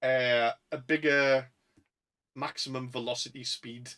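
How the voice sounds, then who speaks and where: A man's voice: mid-range voice, steady tone, unhurried, sharp tone, poor audio. A young man with a Northern English accent, co-hosting a casual podcast chat and rambling with lots of fillers. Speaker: podcast co-host.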